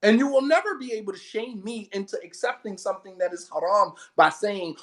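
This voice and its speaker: A man's voice: high voice, a little fast, a bit bright. Emphatic, blunt male preacher. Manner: emphatic and blunt, repeats points, laughs between lines. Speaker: Islamic preacher. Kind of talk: impassioned sermon.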